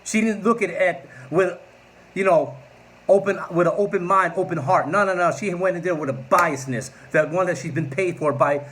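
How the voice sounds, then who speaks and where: Sarcastic, high-voiced man ranting. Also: normal speed, fairly bright tone, slight background noise. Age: 40s. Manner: sarcastic, combative, mocking. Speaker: political vlogger. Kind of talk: political rant to camera.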